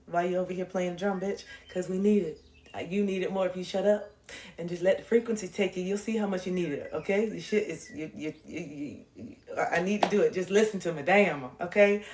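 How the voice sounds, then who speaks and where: A woman livestreamer with a lowish, slightly mellow voice delivers an impassioned motivational monologue of spiritual life advice. She's preachy and intense, swears freely, and repeats phrases for emphasis, recorded in an echoey room with faint music.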